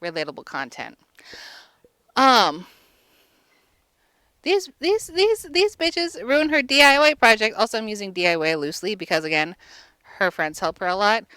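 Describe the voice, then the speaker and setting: A woman's voice: mid-range voice, very animated, normal speed, pauses often, pushed and bright, clear, resonant tone, dry recording. A woman vlogger giving a casual comic movie recap, crude and rambling with lots of fillers.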